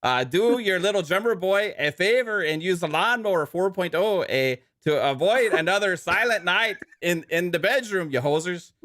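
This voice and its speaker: A man's voice: lively intonation, moderate pace, few pauses, no echo, studio quality. A man voicing a hammy Canadian man who reads a cheeky ad in an exaggerated accent, tacking 'eh' onto his lines. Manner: joking, playful, slightly higher and louder.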